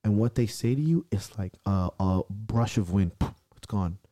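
Intense, profane man with a dark voice. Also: on the low side, normal speed, dry recording, clean studio sound. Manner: intense, profane storytelling, acting out his own shouted self-talk. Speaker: strongman athlete and podcast guest. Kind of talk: casual podcast conversation.

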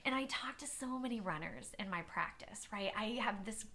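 A woman interview guest talking about running, telling stories in an animated way and often laughing. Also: mid-range voice, normal speed. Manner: animated storyteller, laughs often, many restarts. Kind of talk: casual interview conversation.

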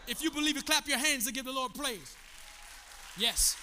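A pastor preaching a sermon, swinging from low, conversational talk to shouted calls to the congregation. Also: male voice, lively intonation, moderate pace, big-room sound, a faint crowd, slight background noise.

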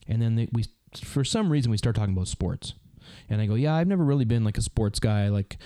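A man's voice: lowish voice, animated, fast talker, dark tone, no room sound. A Canadian man in his thirties hosting a podcast, telling a rambling story with lots of fillers in a casual chat. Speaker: podcast host.

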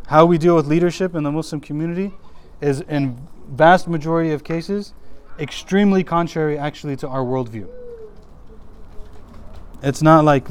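A man's voice: on the high side, normal speed, pauses often, a little hiss or hum. A man teaching a class in a casual, chatty way, with lots of restarts and his voice a little worn. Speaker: religious teacher.

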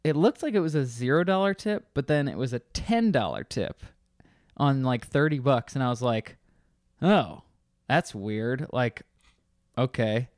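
A man casually telling a bar story, swearing and acting out angry customers in loud voices. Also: medium pitch, very animated, measured pace, dry recording, studio quality.

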